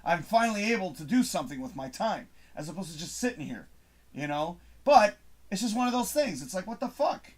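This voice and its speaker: A man's voice: sits high, very animated, fairly quick. A man hosting his own show, ranting to camera in a frustrated, swearing monologue with emphatic bursts. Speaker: host. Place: home studio.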